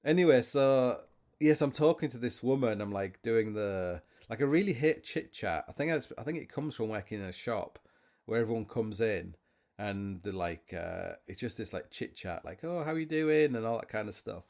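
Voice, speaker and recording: A man's voice: on the low side, moderate pace, a little mellow. A man hosting a podcast alone, rambling through stories with many restarts and self-mocking asides. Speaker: podcast host. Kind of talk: rambling solo chat.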